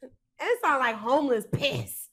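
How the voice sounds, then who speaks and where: A woman's voice: high-pitched, sing-song, takes it slowly, fairly bright tone. A woman co-hosting a podcast, teasing and playful in casual chat. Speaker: podcast co-host.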